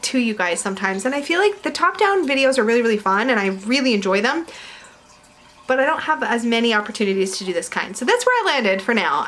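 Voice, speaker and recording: At home with her dog nearby, a woman reviews tarot decks in casual chat to camera, chatty and giggly, rambling with fillers. Her pitch is fairly high and her tone fairly bright.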